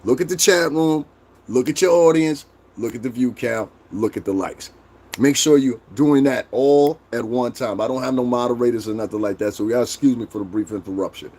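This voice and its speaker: A man's voice: medium pitch, brisk, a little mellow. A man hosting a livestream, ranting bluntly and profanely and roasting his chat. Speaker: livestream host. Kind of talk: casual livestream rant.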